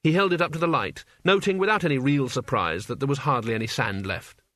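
A man reading an audiobook as its narrator, in an even, measured storytelling manner. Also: medium pitch, no room sound, clean studio sound.

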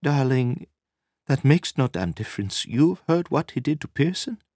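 Guy putting on a shaky young woman, husky, voice pushed up high, dry close sound. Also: very animated, moderate pace, no room sound. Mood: tense. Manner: tremulous, soft-spoken. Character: nervous young woman, shaken spy.

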